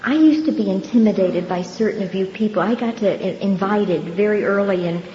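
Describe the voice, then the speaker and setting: An older woman giving her personal testimony at a recovery meeting, telling her story earnestly and unhurriedly with pauses and soft laughs. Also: medium pitch. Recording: dull, roomy hall recording with faint background noise.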